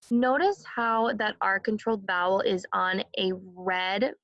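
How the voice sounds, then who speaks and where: Woman, grade-school teacher, slow sounded-out words, repeat-after-me drills, dry dull sound. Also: mid-range voice, a bit bright, dry recording. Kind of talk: phonics lesson.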